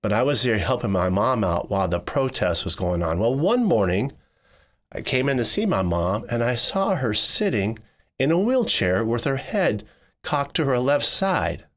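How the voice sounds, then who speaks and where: A man narrating a personal story in the first person, voicing it expressively and jumping higher when he quotes people. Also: moderate pace. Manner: expressive, jumps high when quoting people.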